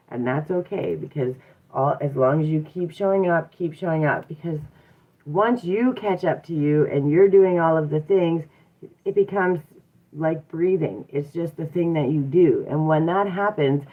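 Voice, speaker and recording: A woman's voice: low voice, measured pace. A woman hosting a motivational livestream, talking reflectively and encouragingly with rhetorical questions and frequent "um"s. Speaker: livestream host and mindset coach. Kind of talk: casual motivational livestream talk. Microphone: device mic from a live stream. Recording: tinny phone-like live stream audio.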